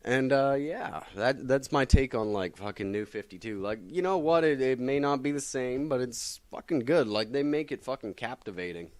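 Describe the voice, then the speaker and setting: A comics vlogger reviews comic books casually, rambling, swearing constantly and packing in filler words with animated energy. His mid-range voice moves at a moderate pace with hardly any pauses and no echo.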